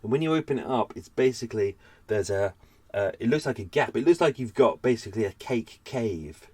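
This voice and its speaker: A man's voice: on the low side, expressive, a little fast, warm tone, husky, no echo. A man chatting casually and unscripted as a podcast host, tired and a little out of breath, talking from his boat. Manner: rambling, chatty, self-deprecating.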